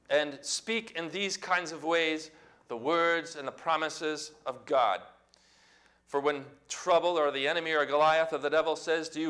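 A middle-aged man delivers a sermon as a pastor, talking with a bright, forceful edge. His voice sits a little high for a man, and he presses his points emphatically, climbing toward near-shouts. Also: moderate pace.

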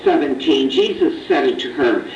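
A woman reads Bible verses slowly and deliberately, calling out each verse number. Her voice is low, mellow and lively in pitch. She sounds distant in an echoey room, on a dull recording. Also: noisy background. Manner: measured, announces verse numbers. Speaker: scripture reader.

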